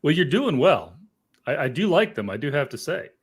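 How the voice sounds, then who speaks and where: A man's voice: fairly high pitch, very animated, moderate pace, slightly rough. Rambling friendly interview host, man. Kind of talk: casual interview chat.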